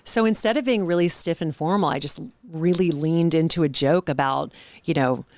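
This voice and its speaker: Low gravelly woman telling stories. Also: no room sound. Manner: lively, self-deprecating, quick asides. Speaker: guest, charity auctioneer. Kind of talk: storytelling in a podcast interview.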